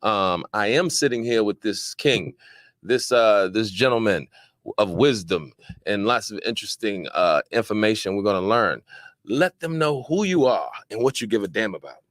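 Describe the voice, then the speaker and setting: A man from Washington, D.C., hosting a casual podcast chat in a studio, talking loosely and giving shout-outs. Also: lowish voice, lively intonation, moderate pace, no room sound. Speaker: podcast host.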